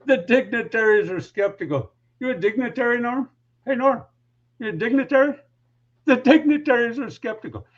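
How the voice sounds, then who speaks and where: A man putting on the voice of a cruel boss who mocks his staff with a taunting, high-pitched sneer. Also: normal speed, dull audio. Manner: taunting, mocking repetition.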